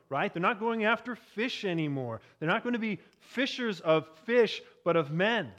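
A man's voice: sits high, fairly bright tone. A man preaching a sermon in a conversational way, often asking the congregation questions.

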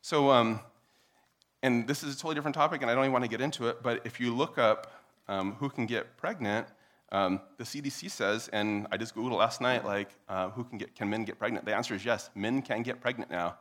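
Bright-voiced man giving a persuasive talk. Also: a little fast. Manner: animated, mocks opponents in exaggerated high voices. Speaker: speaker addressing an audience. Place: room with a live audience.

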